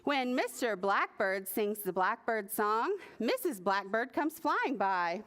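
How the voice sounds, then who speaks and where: A woman librarian reading a picture book aloud at a preschool story time, animated and sing-song, with playful animal noises. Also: mid-range voice, slow. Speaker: children's librarian.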